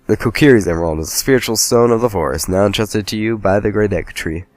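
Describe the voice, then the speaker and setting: A man's voice: lowish voice, quick pace, no echo. A man casually commenting on a game as he plays, rambling and joking at himself. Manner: rambling, joking, self-deprecating. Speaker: let's play host.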